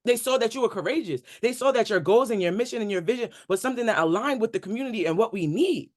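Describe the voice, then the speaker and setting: A man with a notably high-pitched voice talks to a group coaching call. His speech is casual and slangy. He drives home his points with emphatic repetition and rhetorical questions, like a motivational preacher. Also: expressive, quick pace. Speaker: community member on a coaching call.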